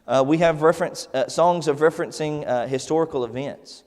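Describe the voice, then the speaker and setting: A man's voice: fairly high pitch, brisk, darkish tone, big-room sound. A man teaching a Sunday Bible class in a casual, conversational way, with many fillers and restarts. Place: church classroom.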